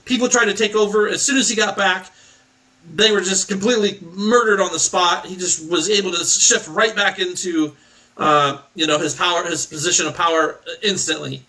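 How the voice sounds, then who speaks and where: A man's voice: high-pitched, fairly even intonation, moderate pace, sharp tone, far from the mic, poor audio. Man doing a frightened pleading orc captive. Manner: pleading, stammering. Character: frightened captured male orc informant.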